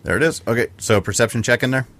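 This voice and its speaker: A man playing in a tabletop game, chatting in a relaxed, joking way. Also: mid-range voice, fast talker. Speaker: player. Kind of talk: casual game chat.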